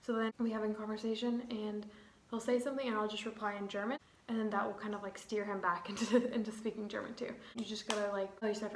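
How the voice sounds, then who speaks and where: A young woman in her twenties chats casually to her viewers, rambling with plenty of "like"s. Her voice sits at an ordinary middle pitch. The sound carries a noticeable room echo. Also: level tone, quick pace, a little hiss or hum. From United States. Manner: chatty, rambling, many "like"s. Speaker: vlogger. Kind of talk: casual chat.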